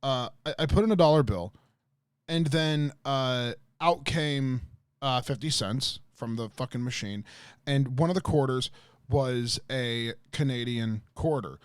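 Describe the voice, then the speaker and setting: A man's voice: medium pitch, unhurried, smooth, no echo, clean studio sound. A man livestreaming, telling a rambling story to his chat with lots of swearing, fillers and restarts.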